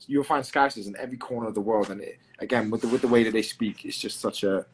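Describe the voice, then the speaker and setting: A man's voice: fairly low pitch, quick pace, slight background noise. A man with a London accent chatting in an interview as a guest fighter, swearing casually and filling with "um" and restarts. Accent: English, London.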